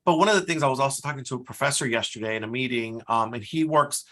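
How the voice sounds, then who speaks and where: Middle-aged male guest, bright and forceful, animated storyteller. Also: medium pitch, quick pace. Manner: animated storyteller, mimics voices in quotes. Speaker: guest, career services dean. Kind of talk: conversational interview.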